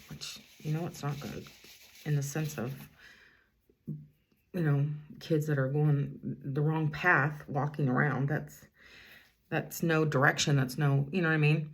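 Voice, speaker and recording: A woman's voice: low-pitched, steady tone, a little slow, pauses often, breathy edge. A woman in her fifties, a school bus driver, chatting casually while doing her makeup, rambling through a story and breaking off to talk about her eyeliner. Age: 50s. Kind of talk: casual get-ready-with-me chat.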